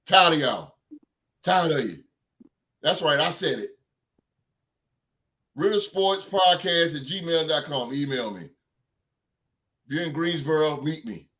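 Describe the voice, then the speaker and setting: High, bright-voiced ranting sports host. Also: male voice, unhurried, pauses often. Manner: animated, heckling, mocking fans' voices. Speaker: podcast host. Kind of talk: sports talk rant.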